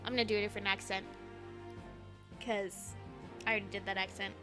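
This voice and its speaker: A woman's voice: mid-range voice, little pitch movement, fairly quick, pauses often, pushed and bright. A young woman reacting to a game as she plays it, incredulous, swearing and laughing. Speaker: let's play streamer. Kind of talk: casual game commentary. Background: game music.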